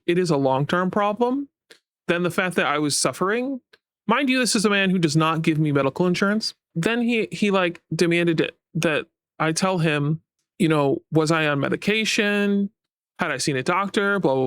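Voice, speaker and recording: A man's voice: sits high, expressive, brisk, fairly bright tone, dry recording, studio quality. A man giving a casual personal update to his viewers as a VTuber, rambling and frustrated, swearing often. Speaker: VTuber and YouTube creator.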